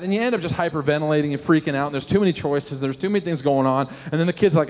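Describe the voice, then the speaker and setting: Animated pastor preaching in a reverberant hall. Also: male voice, on the high side, fast talker, few pauses. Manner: animated storytelling with questions to the congregation. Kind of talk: sermon. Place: church sanctuary.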